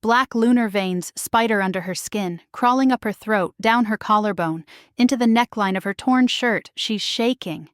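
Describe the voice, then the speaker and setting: A woman narrating a first-person paranormal romance story in a slow, dramatic delivery. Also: mid-range voice, no room sound, clean studio sound.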